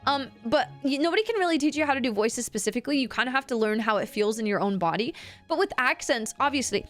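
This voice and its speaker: A woman's voice: animated, quick pace, soft background music. Chatty woman streamer teaching voice tricks. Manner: chatty, rambling, dips low to demonstrate. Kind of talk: casual livestream chat.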